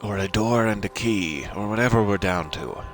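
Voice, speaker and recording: A man's voice: on the low side, normal speed, soft background music. A man streaming a video game live, commenting in a playful, mock-formal joking way.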